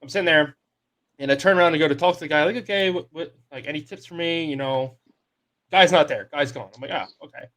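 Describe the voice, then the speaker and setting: A young man co-hosting a sports podcast, telling a long story in a loose, casual way and quoting the people in it. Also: a little high. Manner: animated storyteller, quotes people in his story. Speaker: podcast co-host.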